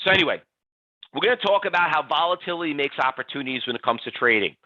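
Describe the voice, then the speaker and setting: A man with a bright, slightly raised voice runs a live trading class online, chatty and energetic. His audio is dry and close, with a dull, somewhat lo-fi webinar sound. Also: fairly high pitch, fast talker, dry recording. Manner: energetic, reads out audience poll answers by name. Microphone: computer mic on a webinar stream.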